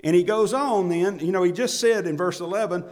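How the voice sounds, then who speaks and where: A man's voice: high-pitched, a little fast, darkish tone. Preaching man in a reverberant hall. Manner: emphatic preaching, repeats key words. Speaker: pastor. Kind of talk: sermon.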